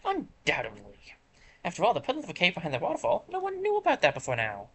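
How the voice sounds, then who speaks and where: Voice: medium pitch, wildly swooping pitch, fast talker, fairly bright tone, slight background noise. A streamer voicing a pompous male bird guild assistant while reading game dialogue aloud, with a fussy, formal manner. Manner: fussy, formal, self-important.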